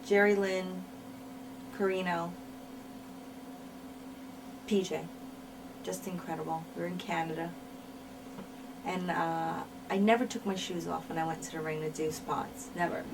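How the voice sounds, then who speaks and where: A woman's voice: fairly low pitch, fairly even intonation, a little slow, pauses often. A woman being interviewed about her wrestling career, talking frankly and repeating words for emphasis. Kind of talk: candid shoot interview storytelling. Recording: mic at a distance, faint noise.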